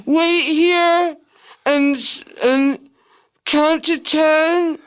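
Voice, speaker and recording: A woman improvising a dazed, drugged dental patient with a gauze-filled mouth who talks in a slow, slurred, confused way. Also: high voice, steady tone. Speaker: podcast guest character. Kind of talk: improvised comedy character.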